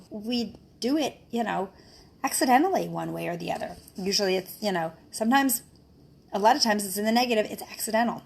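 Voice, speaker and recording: A woman chats casually to her online followers, earnest and encouraging. She keeps tacking a questioning "right?" onto her phrases, and her voice sits at an ordinary middle pitch. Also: vocal fry, a little hiss or hum. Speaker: mother and wellness speaker. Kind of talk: casual live-video talk to followers.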